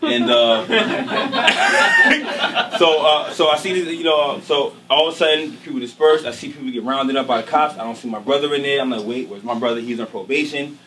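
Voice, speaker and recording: A man telling a casual, slangy, animated story on stage before a live audience, often checking in with his listeners. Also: a little high, moderate pace. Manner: casual, slangy, animated, peppered with "you know what I'm saying". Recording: distant mic, noisy live venue.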